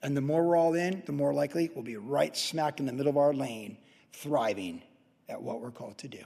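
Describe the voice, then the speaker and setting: A man's voice: medium pitch, brisk, vocal fry, mellow, husky. A male pastor preaching a sermon with impassioned storytelling. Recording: long hall reverb.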